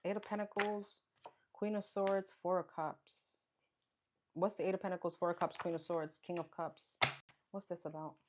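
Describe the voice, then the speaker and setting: Chatty low-voiced woman reading tarot. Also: steady tone, moderate pace. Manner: chatty, thinks aloud while naming cards. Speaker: tarot card reader. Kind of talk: casual live tarot reading. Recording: clear background noise.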